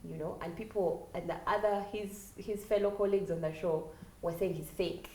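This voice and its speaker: A woman's voice: on the low side, fairly even intonation, normal speed, darkish tone. A Ugandan woman co-hosting a podcast, chatting casually and telling candid stories in which she mimics other people. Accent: Ugandan English. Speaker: podcast co-host. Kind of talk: casual chat. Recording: roomy echo.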